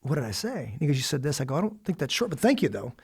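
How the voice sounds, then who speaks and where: Fast-talking gravelly American man. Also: fairly high pitch. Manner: animated storyteller, acts out family dialogue with laughs. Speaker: guest, former special operations officer and father. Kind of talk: candid podcast conversation.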